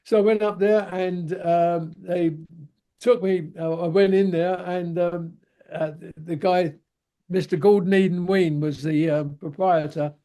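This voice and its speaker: An older Cockney man, a guest on a video call, unspools a long anecdote in a fairly high but mellow, warm voice. He wanders and circles back as he talks, slipping into the voices of the people in his story. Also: steady tone, unhurried. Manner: rambling yarn-spinner, acts out the people he quotes. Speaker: guest, veteran stuntman.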